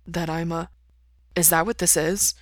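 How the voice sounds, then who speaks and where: A woman voicing a quiet, guarded young male vampire who speaks softly and often in a whisper. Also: fairly low pitch, steady tone, unhurried, dry recording, clean studio sound, natural voice. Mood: wary. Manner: soft, hushed, often whispered.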